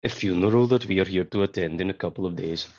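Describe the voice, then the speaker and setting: A man playing a tabletop game, relaxed and easygoing. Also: low-pitched, quick pace, lo-fi sound. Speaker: player. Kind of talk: casual in-character play.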